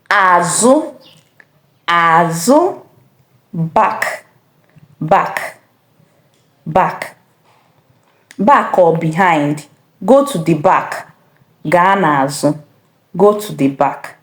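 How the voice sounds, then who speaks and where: A woman teaches words one at a time, speaking very slowly and repeating each one. Her pitch rises and falls widely as she marks the tones, and the room gives her voice a clear echo. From Nigeria. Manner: slow, repeating each word with careful tones. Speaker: language teacher. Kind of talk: slow vocabulary lesson.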